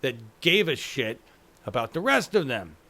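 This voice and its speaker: A man's voice: mid-range voice, very animated, moderate pace, bright, forceful tone. A man hosting a casual political chat show, talking loosely and profanely and often tagging on "right?". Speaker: show host.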